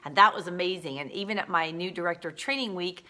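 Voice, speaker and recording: Brief: a chatty, gushing woman telling a story to camera, with a lowish pitch and a bright tone. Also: fast. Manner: chatty, gushing, repeats words. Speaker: cosmetics sales director.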